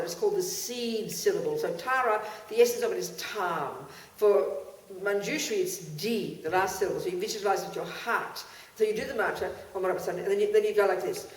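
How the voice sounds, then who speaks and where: A woman teaching Buddhist practice, chanting mantras and explaining them in a blunt, chatty way. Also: medium pitch. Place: teaching hall with an audience. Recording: roomy, distant mic, crowd in the room.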